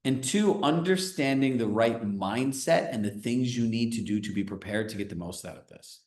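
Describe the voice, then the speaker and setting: A man coaching a group live on a video call, talking in a casual, energetic way and often checking in with "right?". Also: medium pitch, normal speed, echoey room. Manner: energetic, conversational, filler-heavy with frequent "right?". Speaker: real estate business coach.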